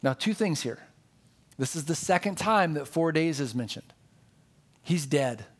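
A man's voice: on the high side, lively intonation, a little slow. A man preaching a sermon as pastor, earnest and conversational, leaning on emphatic repetition.

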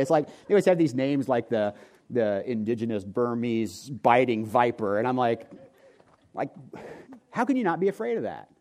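Pastor guy in his 40s, kinda high voice, cracking jokes mid-sermon, chatting with the crowd. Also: a little mellow. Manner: joking, conversational, talks to the audience. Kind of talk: sermon with humorous storytelling. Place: church before a live congregation.

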